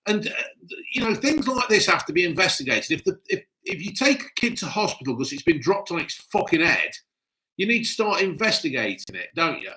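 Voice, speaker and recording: Male streamer, foul-mouthed ranter, bright, forceful voice. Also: sits high, very animated, brisk. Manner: sweary, ranting, blunt. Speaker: livestream host. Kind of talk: casual live-stream chat.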